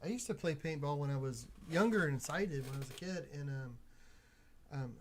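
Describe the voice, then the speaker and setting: A man's voice: a little high, brisk, a little hiss or hum. A man co-hosting a casual chat, joking in a laid-back way. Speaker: co-host.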